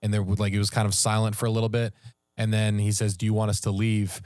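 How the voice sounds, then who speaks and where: A man, a podcast co-host, telling a story in casual, animated talk and raising his voice at the tense moments. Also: on the low side, fast talker, no room sound, clean studio sound. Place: podcast studio.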